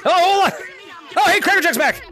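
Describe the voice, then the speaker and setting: A man live-streaming a VR game, shouting greetings and cheering his players on with lots of laughter, into a headset mic. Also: very high voice, lively intonation, a little fast, some chatter behind. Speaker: gaming streamer. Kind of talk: excited live-stream chat while playing.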